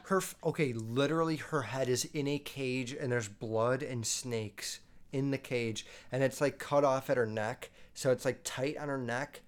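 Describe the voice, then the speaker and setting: A man's voice: mid-range voice, fairly even intonation, normal speed. A young man hosting, rambling casually and swearing a lot as he reacts to clips. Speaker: host. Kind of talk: casual commentary.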